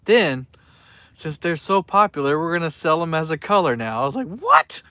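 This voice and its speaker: A man's voice: fairly high pitch, animated, normal speed, a bit bright, clean tone, no room sound. Chatty man live-streaming while fishing. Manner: rambling, chatty, reads out viewer names. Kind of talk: casual live stream chat. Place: outdoors by the water at night.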